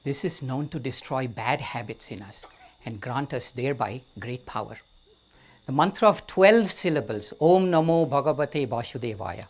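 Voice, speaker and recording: A man with an Indian accent tells a story to a gathered crowd, taking his time over each phrase. His pitch sits in the middle range, and he slips in dry, self-mocking jokes between the sacred parts. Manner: slow and deliberate, with wry humor. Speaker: guest storyteller. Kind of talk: live storytelling to an audience. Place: amphitheater.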